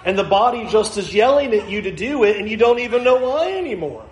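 A man's voice: sits high, big pitch swings, brisk, a little hiss or hum. A middle-aged male pastor preaching a sermon earnestly, acting out the answers of the people he counsels. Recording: echoey room with faint ambience.

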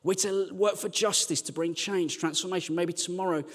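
A man preaching a sermon as a church team leader, chatty and joking, then turning quiet and earnest. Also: sits high, fairly even intonation, normal speed, in a large hall. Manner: conversational and joking, dropping to quiet earnest lines.

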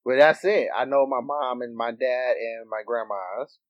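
A man who is a returning guest on a casual podcast, talking slowly and hesitantly and laughing easily. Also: medium pitch, no room sound, lo-fi sound. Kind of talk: casual chat.

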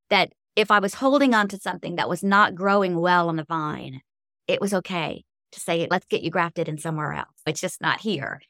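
A woman's voice: mid-range voice, a bit bright, dry recording, studio quality. A middle-aged woman, a guest author, telling heartfelt faith-based stories in an interview with an earnest, emotional manner.

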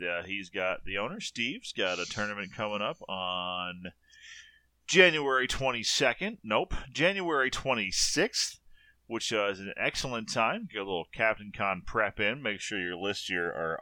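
A man's voice: on the low side, expressive, measured pace, pushed and bright, dry recording. A man co-hosting a podcast in casual chat, rambling and stalling with lots of fillers. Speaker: podcast co-host.

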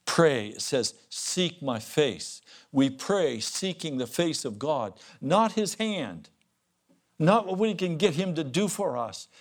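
A man preaching a revival sermon as pastor, swinging between loud fervent warnings and hushed pleading. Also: fairly high pitch, sing-song, slow pace.

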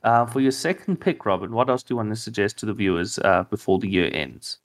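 A man co-hosting a podcast in casual chat, eager and relaxed as he moves the conversation along. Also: fairly low pitch, brisk. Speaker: podcast co-host.

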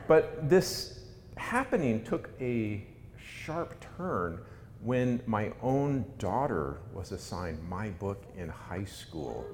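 A middle-aged author gives a funny talk, poking fun at himself in a wry way. The recording comes from an echoey hall with a faint rumble underneath.

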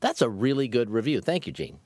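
A chatty man co-hosts a laid-back podcast. His pitch swings widely as he talks, and he stumbles over his words now and then. The recording is close and dry, with no room echo. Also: a little fast. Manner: chatty, lively, some stammered starts. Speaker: podcast co-host. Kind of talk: casual podcast chat. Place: home in Florida.

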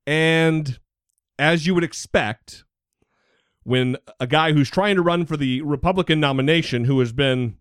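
A man's voice: on the high side, clear, resonant tone. A male podcast co-host with a sarcastic, outspoken manner and a voice that swings up and down a lot. The recording is close and dry, with no room echo. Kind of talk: casual political chat.

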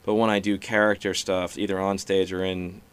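A middle-aged man, a comedian and musician, talking casually and profanely, speeding up and slowing down and shifting loudness as he explains. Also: low voice, smooth. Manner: animated, shifts pace and loudness to illustrate rhythm; profane, conversational. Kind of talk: casual podcast conversation.

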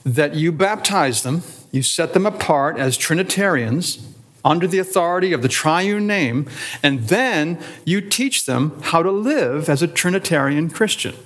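Slightly high, expressive, and a touch bright, a pastor's voice guides an adult Sunday school lesson. He speaks deliberately, punching words in short lists and asking rhetorical questions.

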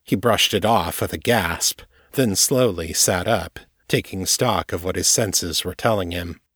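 A man reading his own novel aloud in steady, measured audiobook narration. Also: sits low, husky, no room sound, clean studio sound.

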